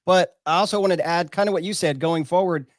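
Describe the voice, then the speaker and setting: A man's voice: high-pitched, brisk, dry recording, studio quality. A man co-hosting a live show, speaking upbeat and promotional in casual chat. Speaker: co-host.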